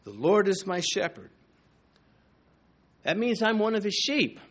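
A man preaching a sermon in an earnest way, building to emphatic repeated phrases and sometimes pausing to restart a thought. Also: high voice, big pitch swings, a bit bright. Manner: earnest, rises to emphatic repetitions.

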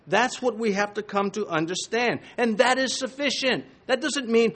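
High-pitched guy preaching from the pulpit, punchy, lots of questions at the crowd. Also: normal speed, hardly any pauses, a bit bright. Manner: emphatic preaching with rhetorical questions. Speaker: pastor. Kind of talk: sermon.

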